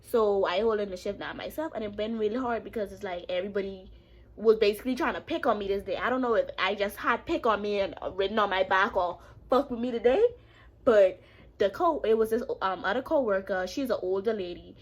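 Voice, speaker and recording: A woman's voice: mid-range voice, a little fast. Sassy young woman telling a story. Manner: animated, sassy, swearing freely; talks back to an off-camera friend. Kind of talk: casual storytime vlog.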